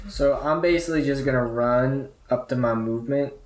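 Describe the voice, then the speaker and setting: A man's voice: mid-range voice, brisk, far from the mic, slight background noise. Matter-of-fact man calling his turn. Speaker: player. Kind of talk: tabletop role-play chat. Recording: echoey room with people around.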